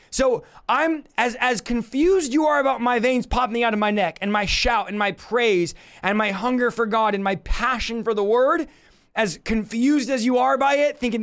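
Young male preacher, very high voice, fiery shouting sermon delivery. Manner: shouting, passionate, fast bursts.

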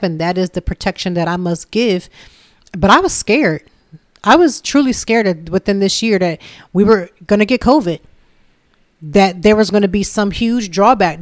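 A woman in her thirties talking candidly and from the heart about her own life, in a relaxed conversational way. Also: medium pitch, dry recording, studio quality. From Philadelphia area. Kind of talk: casual personal talk.

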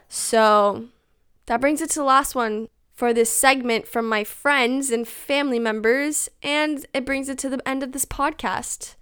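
A woman's voice: a little high, a bit bright, clear, resonant tone. A young woman hosting her own podcast, chatting casually and rambling with lots of "like"s, joking at her own expense. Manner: chatty, rambling, self-mocking, many "like"s. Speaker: podcast host. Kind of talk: casual solo podcast chat.

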